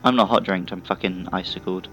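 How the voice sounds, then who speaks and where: A man's voice: deep voice, steady tone, fairly quick, a bit bright, soft background music, low-quality recording. Sleepy, sweary man laughing while gaming. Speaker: podcast co-host. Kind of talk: casual gaming chat.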